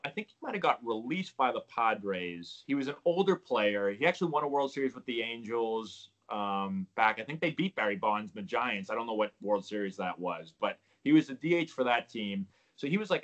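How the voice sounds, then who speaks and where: A former pro baseball player in his thirties, appearing as a guest, tells stories in a casual interview. His mid-range voice comes through with lo-fi sound, and he animatedly acts out the quoted dialogue.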